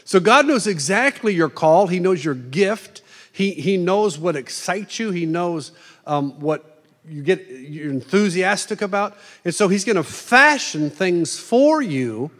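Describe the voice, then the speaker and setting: A middle-aged man preaching a conversational sermon, animated and playing out quoted voices in asides. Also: high voice, unhurried. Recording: long reverb of a large hall.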